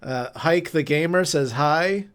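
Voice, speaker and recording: A man's voice: fairly high pitch, slow, a crowd in the background. A man co-hosting a live game stream, chatting in a laid-back way, often stammering and restarting as he greets viewers by name. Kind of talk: casual chat.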